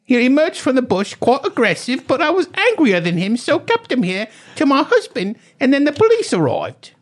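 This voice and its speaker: A man's voice: very high-pitched, huge pitch swings, normal speed, voice pushed up, full character voice. A man putting on an indignant British woman. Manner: overdone mock British accent drifting into other accents.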